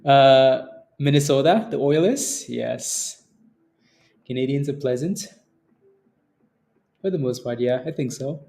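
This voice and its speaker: Slow, gravelly and dark-toned yet animated, the mid-range voice of this young adult stock trading stream host comes with frequent pauses. He casually reads the chat, pokes fun at viewers, laughs often and repeats phrases.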